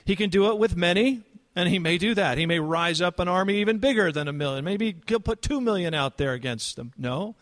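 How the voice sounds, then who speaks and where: A man's voice: high voice, expressive, a little fast, a bit bright. A man preaching an expository sermon in a conversational, earnest manner, lifting his voice for emphasis. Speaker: pastor.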